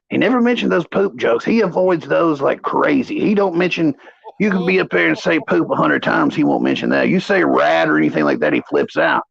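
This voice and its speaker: Gravelly rambling man with a drawl. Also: on the high side, fairly quick, fairly bright tone, no room sound, muffled recording. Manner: rambling storyteller, crude language. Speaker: co-host. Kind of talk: casual livestream chat.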